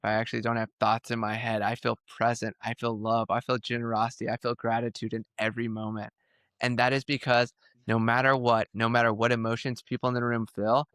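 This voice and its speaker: A man's voice: mid-range voice, clear, resonant tone, no echo, clean studio sound. A man guest on a podcast, talking candidly and intensely, acting out what he said to others as he tells his story. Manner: intense, animated storytelling, quoting himself.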